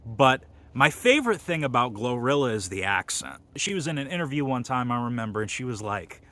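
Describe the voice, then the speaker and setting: A man talks through a rambling, crude comic monologue, full of fillers and deadpan boasts. His voice is bright and a little sharp-edged. He sounds like he is hosting his own video. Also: medium pitch, brisk, hardly any pauses. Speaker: comedy video host.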